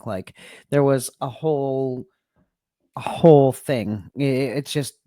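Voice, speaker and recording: A man's voice: medium pitch, measured pace, long pauses, no room sound, studio quality. A man on a podcast, speaking earnestly and supportively about grief and kindness. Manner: supportive, earnest, soft-spoken. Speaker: podcast co-host. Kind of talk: casual podcast conversation.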